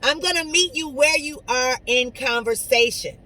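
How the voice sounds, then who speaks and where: A woman speaks straight to her listeners in an inspirational pep talk. She talks in a preachy, conversational way, dropping into quiet asides and then rising into loud, emphatic lines. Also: high-pitched, normal speed, poor audio. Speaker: motivational speaker. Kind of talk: inspirational monologue to camera.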